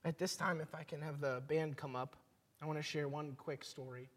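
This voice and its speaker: High-voiced man preaching a storytelling sermon. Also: steady tone, a bit bright. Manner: storytelling, conversational, pauses for emphasis. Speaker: pastor.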